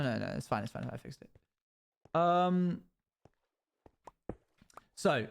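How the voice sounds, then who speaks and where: Animated man telling stories. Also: on the high side, slight background noise. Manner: rambling, animated, sound-effect noises. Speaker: streamer. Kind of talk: casual storytelling while gaming.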